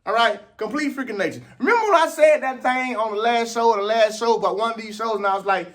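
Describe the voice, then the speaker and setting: A man runs his own sports vlog, riffing on track and field. He talks in a loose, slangy way, exclaiming a lot, and his voice sits very high. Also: fast, few pauses, fairly bright tone. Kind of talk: casual sports commentary.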